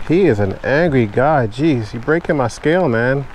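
A man filming his own fishing trip from a kayak in pouring rain, chatting casually to viewers and getting excited whenever a fish bites. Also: mid-range voice, moderate pace, few pauses, a little hiss or hum. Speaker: fishing vlogger. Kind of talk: casual on-the-water commentary. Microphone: camera mounted on the kayak.

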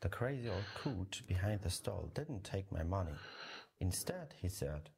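A man's voice: low-pitched, big pitch swings, unhurried, gravelly, a little mellow, breathy edge, heavily acted. An actor playing a pompous, self-important man who collects melon things, speaking in a grandiose way.

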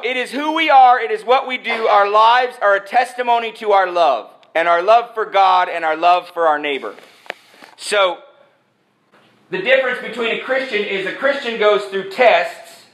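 A man preaching a sermon, animated and joking, who jumps from point to point. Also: sits high, measured pace. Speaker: pastor. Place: church sanctuary. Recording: echoey church sanctuary.

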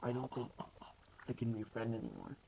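A young girl putting on a goofy deep voice, giggling as she goes. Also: huge pitch swings, fairly quick, gravelly, mellow, full character voice. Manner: giggly, goofing around. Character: deep-voiced put-on voice, playful. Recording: noisy home recording.

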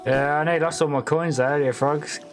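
A man commenting on his own gameplay live, excitable, swearing and laughing often, with sudden frustrated yelps. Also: on the high side, brisk. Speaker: streamer. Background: game music.

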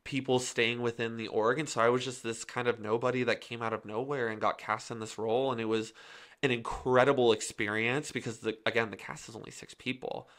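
A man, a guest actor in a casual interview, telling stories in a quick, joking, animated way. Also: mid-range voice.

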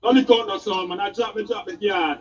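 A man's voice: high-pitched, fairly quick. A Jamaican man co-hosting a comic chat, telling aggrieved stories in patois. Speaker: comedy co-host. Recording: dull, distant and husky.

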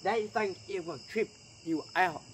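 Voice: mid-range voice, moderate pace, slight background noise. A ghost-hunting vlogger talks nervously to viewers, repeating phrases over and over, filmed outdoors at night on a camera set on a tripod. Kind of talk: casual vlog narration.

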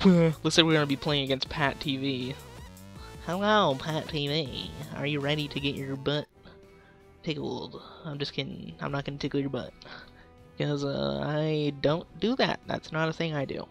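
A man's voice: fairly high pitch, fairly even intonation, normal speed, vocal fry, a bit bright, faint music behind. A young man casually commenting on his game livestream, goofing around with silly trash talk and laughing at his own jokes. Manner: goofy, self-amused trash talk. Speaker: gaming livestreamer.

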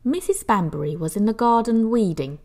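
A woman reading a children's picture book aloud with expressive storytelling. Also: on the high side. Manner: slow, expressive, hushed at the end. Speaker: storybook reader.

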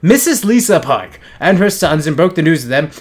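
A man's voice: a little high, sing-song, moderate pace. A young man putting on a silly voice to read a letter aloud in a game. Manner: silly put-on reading voice. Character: goofy man reading a formal letter.

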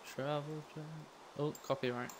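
With noise in the background, a young gamer gives loose let's play commentary full of jokes at his own expense. His voice is a little high and steady, at a normal speed.

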